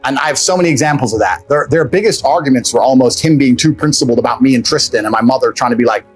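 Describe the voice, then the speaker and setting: A man's voice: medium pitch, fast talker, husky, soft background music, poor audio. A man telling a personal story as an interview guest, blunt and profane, with rambling asides.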